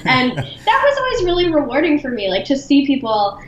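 A woman being interviewed as a business founder, chatty and quick to laugh, with frequent restarts. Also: high-pitched, huge pitch swings, reverberant, dull audio, slight background noise. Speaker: podcast guest, business founder. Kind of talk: casual interview talk.

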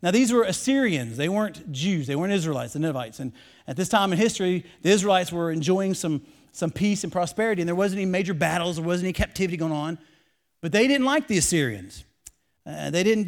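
A young man preaching a sermon, reading scripture aloud and then urging listeners to repeat lines back to him in a casual, energetic way. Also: high-pitched. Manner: energetic, calls for congregation to repeat after him; casual preacher talk with restarts. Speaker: pastor.

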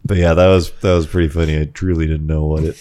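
A man's voice: extremely low pitch, level tone, quick pace, mellow. A man co-hosting a podcast in front of a live audience, in easygoing casual chat, laughing often and padding his talk with fillers. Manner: laid-back, laughs often, trails off with fillers. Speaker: podcast co-host.

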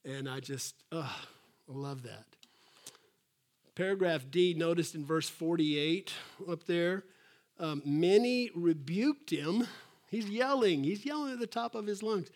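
A man preaching with an animated delivery and a slightly high-pitched voice. He acts out quotes in a raised voice, then drops to soft, quiet asides. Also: a little slow. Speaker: pastor. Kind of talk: sermon.

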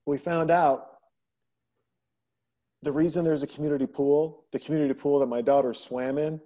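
This middle-aged man speaks at normal speed with a fairly high pitch as he recounts family stories on a casual podcast. Animated throughout, he acts out the quoted voices of the people involved, including his daughter.

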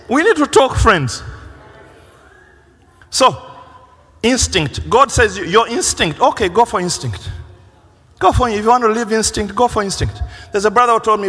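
Animated high-voiced male preacher in a hall. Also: takes it slowly, pauses often, breathy edge. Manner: animated preaching, acting out quoted voices, laughing with the congregation. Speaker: pastor. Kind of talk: sermon. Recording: long reverb of a large hall.

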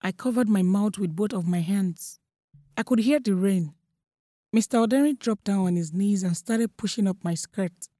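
A young woman with a Nigerian accent telling a first-person story in a steady, matter-of-fact way. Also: medium pitch, normal speed, dry recording, clean studio sound. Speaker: narrator.

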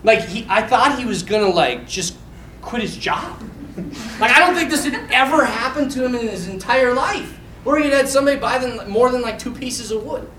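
A priest tells stories in a sermon, lively and animated, with pitch swinging up and down as he laughs along. The sound is roomy and echoing, picked up from well away from the mic. A faint hum sits underneath. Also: moderate pace. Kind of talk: storytelling sermon. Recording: echoey hall, mic far off, faint noise.

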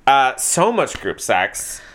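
An animated man in casual conversation about a book he heard as an audiobook. His voice sits mid-range but swings widely as he bursts into playful impressions of characters. The talk is loose and conversational. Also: slow pace. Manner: animated, mimics characters with big pitch jumps. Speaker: podcast co-host.

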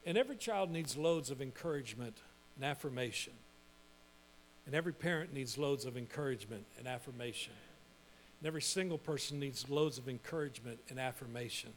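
A middle-aged man preaching a sermon as pastor, lively and emphatic, building points through repetition. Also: medium pitch, fairly quick, a little hiss or hum.

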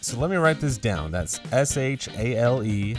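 A man's voice: medium pitch, very animated, moderate pace, lightly acted. An actor playing an interested man in a radio ad, asking plain, eager questions. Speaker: prospective member in an ad skit. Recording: distant voice over clear music bed.

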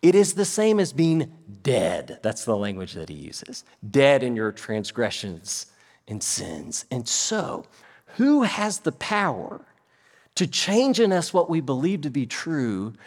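A man's voice: medium pitch, slow. A male pastor preaching a sermon to a congregation in a church, putting questions to the listeners as he goes. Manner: animated, quizzes the congregation. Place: church sanctuary before a congregation. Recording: long hall reverb.

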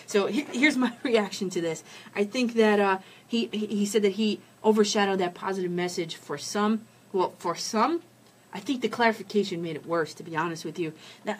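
A woman's voice: mid-range voice, breathy edge. A woman hosting a sports talk show, reading sports news and giving heated, opinionated commentary.

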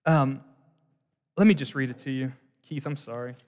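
A man's voice: mid-range voice, moderate pace. Man preaching in a reverberant hall. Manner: conversational, animated preaching with asides. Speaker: pastor. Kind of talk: sermon.

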